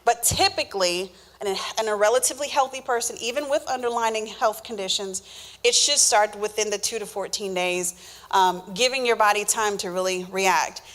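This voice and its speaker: A woman's voice: medium pitch, moderate pace, a bit bright. A woman answering health questions in an informal Q&A, explaining step by step with fillers and small restarts. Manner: explanatory, many fillers and restarts, acts out the body talking.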